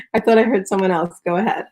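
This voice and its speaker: A woman's voice: mid-range voice, fairly even intonation, fast talker, darkish tone. A woman hosting a live audio chat room, upbeat and chatty, speaking affectionately to the people in the room. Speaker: host.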